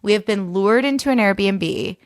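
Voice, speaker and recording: A woman's voice: a little slow, dry recording, clean studio sound. A young American woman hosting a podcast, telling a story casually and acting out other people's lines with big jumps in her voice. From United States. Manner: animated, acts out voices with big pitch jumps, heavy use of "like". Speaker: podcast host.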